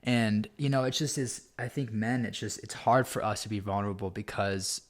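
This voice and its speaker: A man's voice: lowish voice, fairly even intonation, normal speed. A man in his twenties from Arizona, hosting a podcast in casual chat, laid-back and leaning on filler words. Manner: laid-back, heavy on "like" and "bro". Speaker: podcast host.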